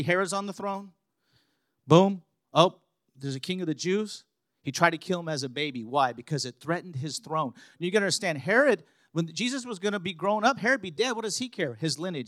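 A man with a high voice preaches a sermon in a dry, close recording. He tells stories from his own life, then builds to loud, emphatic passages. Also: no room sound.

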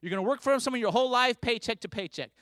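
A man preaching a sermon with a high, bright-edged voice. He tells stories in a conversational way, then rises to fervent, emphatic declarations. The sound is dry and close, with little room echo. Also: racing. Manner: storytelling, rising to fervent emphasis.

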